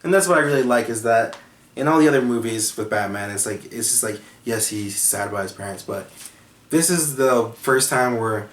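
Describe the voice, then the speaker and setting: A man's voice: mid-range voice, normal speed, a bit bright, reverberant, recorded from a distance. A man co-hosting a casual movie chat, earnest and rambling, restarting his thoughts as he goes. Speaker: podcast co-host.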